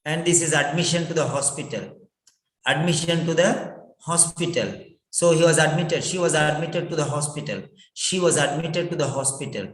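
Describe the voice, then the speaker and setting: A man teaching a writing lesson slowly, repeating words and spelling them out letter by letter. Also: on the high side. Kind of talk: online exam-prep lesson. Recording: echoey room.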